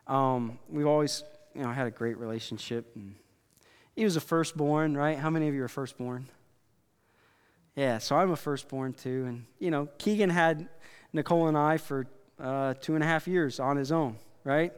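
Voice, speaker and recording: A middle-aged man preaches in a loose, conversational way, stopping and restarting his sentences and turning to his listeners. His voice sits a little high and sounds smooth and resonant. It carries through a large room with a long reverb. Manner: conversational, halting, with many restarts and asides to the audience. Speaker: pastor. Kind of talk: sermon.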